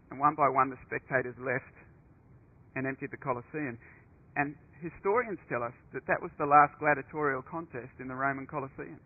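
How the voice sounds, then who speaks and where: A man preaching a sermon, telling a story in an earnest way, often restarting and repeating words. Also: medium pitch. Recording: narrow phone-like radio broadcast.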